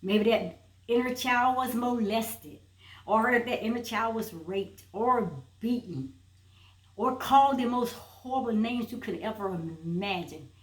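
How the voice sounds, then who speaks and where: A woman speaks in a fairly high voice, delivering a motivational self-help message with strong emphasis and a habit of repeating her key phrases. Her voice carries the echo of a room and sits at some distance from the mic. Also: a little slow.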